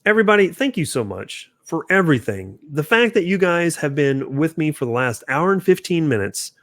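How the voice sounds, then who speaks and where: A man's voice: fairly high pitch, very animated, moderate pace, fairly bright tone, no echo, clean studio sound. A man hosting a casual livestream, chatting loosely with viewers, restarting sentences and reacting to their comments. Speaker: channel host.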